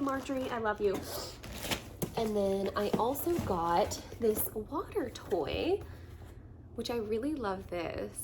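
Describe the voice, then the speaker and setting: Gushing woman with a lively voice. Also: mid-range voice, a little hiss or hum. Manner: gushing and excited, laughs often; chatty with frequent fillers. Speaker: vlogger. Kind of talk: casual chat, unboxing gifts. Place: at home.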